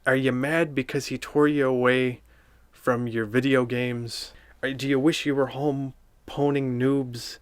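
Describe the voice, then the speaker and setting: Dry deadpan man reviewing a picture book. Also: medium pitch, clear, resonant tone, no echo. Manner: dry, sardonic, rambling asides.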